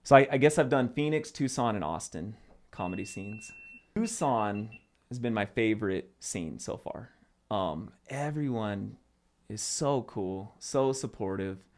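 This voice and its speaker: A young comedian from Arizona, guesting on a podcast, tells stories in a relaxed chat full of loose fillers. His voice is fairly low and unhurried, and his storytelling is animated.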